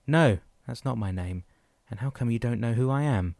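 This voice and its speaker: A man's voice: mid-range voice, brisk, dark tone, dry recording, pitched above the performer's own voice, natural voice. A man reading the part of a confused, angry man waking in a hospital, speaking in a raised, demanding voice. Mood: agitated.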